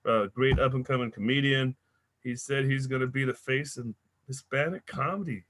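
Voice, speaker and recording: A man's voice: mid-range voice, normal speed, fairly bright tone, slight background noise. A middle-aged man hosting a comedy show over a video call, crude and loose as he banters and introduces acts. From Seattle area.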